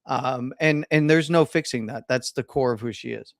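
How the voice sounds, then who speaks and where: An opinionated man co-hosting a casual live stream, stumbling and restarting as he works toward his point. His pitch sits in an ordinary middle range. The sound is dry and close, with no room echo. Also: moderate pace, gravelly. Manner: opinionated, stammers and restarts, laughs easily.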